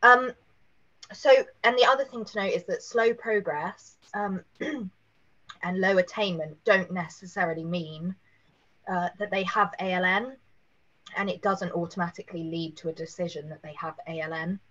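A woman, hoarse after a cold, giving a careful webinar presentation with many fillers. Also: fairly low pitch, moderate pace, sharp tone, lo-fi sound. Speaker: legal presenter.

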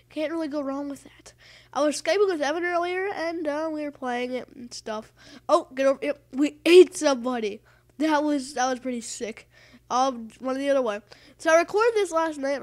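A woman giving casual, rambling gameplay commentary, excitable and calling out to rival players. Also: sits high. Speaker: gaming channel host.

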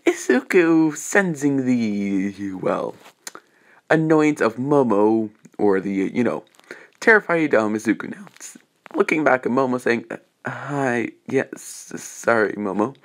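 A young man with a mid-range, sing-song voice makes up a fan-fiction story on the spot, rambling with lots of fillers and restarts. For the hero's lines, he drops into a slow, menacing tone.

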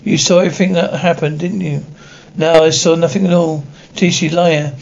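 A man reading a script aloud, sound cues included, in a flat, halting way that trips over words. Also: a little high, creaky. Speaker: script reader. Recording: dull lo-fi audio with faint hiss.

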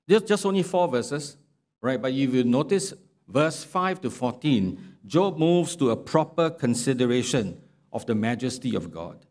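Slow, measured man preaching. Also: medium pitch, darkish tone. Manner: slow, measured preaching with sarcastic read-aloud quotes. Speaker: pastor. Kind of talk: sermon. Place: church sanctuary.

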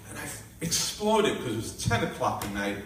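A man preaching, telling family stories with lively, animated delivery and acting out the voices of his kids. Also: fairly low pitch, moderate pace, a little hiss or hum. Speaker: minister. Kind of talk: sermon. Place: hall with live audience. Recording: echoey room from far off with faint ambience.

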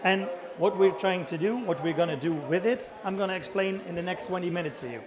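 A man's voice: high voice, a little fast, a crowd in the background. A middle-aged man with a Dutch accent giving a chatty conference talk, asking the audience questions and joking about himself. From the Netherlands. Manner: chatty, self-deprecating, engages audience with questions. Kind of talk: conference presentation. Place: conference hall.

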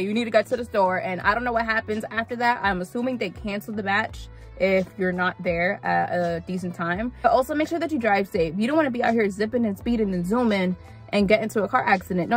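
A young adult woman vlogging gig-work tips, chatty and animated, repeating lines for emphasis and calling viewers honey. Light music plays behind her. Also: mid-range voice. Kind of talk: casual tips vlog talking to camera.

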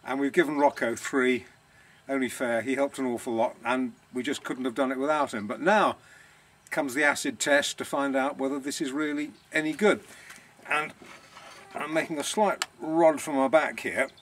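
A man's voice: medium pitch, steady tone, normal speed, a bit bright. A man, the owner of a villa rental business, chatting casually on a vlog in a self-deprecating, savouring way.

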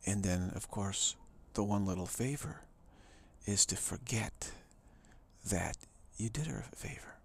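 A man, a spiritual teacher, giving a reflective talk in a musing, soft way, sometimes dropping into a whisper. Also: fairly low pitch, lively intonation, unhurried, vocal fry, husky.

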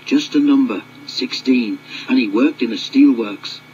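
A man's voice: mid-range voice, unhurried, darkish tone, lo-fi sound, slight background noise, lightly acted. A man voicing a friendly little steam engine telling a cautionary tale in a storybook reading. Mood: storytelling.

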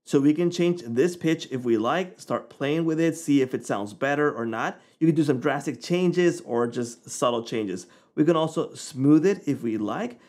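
Casual man walking through software. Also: on the high side, normal speed, hardly any pauses. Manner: relaxed, conversational, informal. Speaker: software tutorial host. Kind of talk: casual screen-recording walkthrough.

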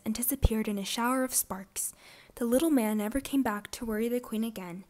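Lady reading a fairytale to little kids, clear and expressive, kinda high voice. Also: fairly quick. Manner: clear, expressive read-aloud for young children. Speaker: storybook reader. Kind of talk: children's storybook narration.

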